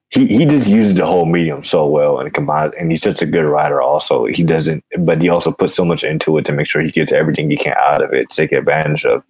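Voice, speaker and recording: Very deep gravelly husky man. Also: a little mellow, no echo. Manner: rambling, goes off on tangents. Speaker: guest. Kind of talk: casual podcast chat.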